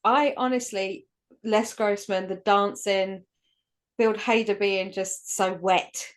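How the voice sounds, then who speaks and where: A woman's voice: mid-range voice, steady tone, takes it slowly. A woman co-hosting a casual podcast chat, opinionated and sweary. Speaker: podcast co-host.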